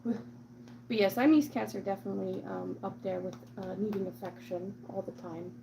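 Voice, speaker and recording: Creaky-voiced woman chatting about her cat. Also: mid-range voice, normal speed, background noise. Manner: chatty, rambling, full of "like" and "um"; slips into cooing baby talk to her cat. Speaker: cat owner vlogger. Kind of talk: casual chat to camera.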